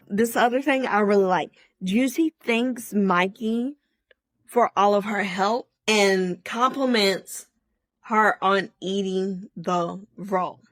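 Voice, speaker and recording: A woman hosting a podcast, giving a chatty, opinionated solo review with lots of asides and restarts. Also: medium pitch. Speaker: podcast host reviewing a TV show. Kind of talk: casual solo review chat.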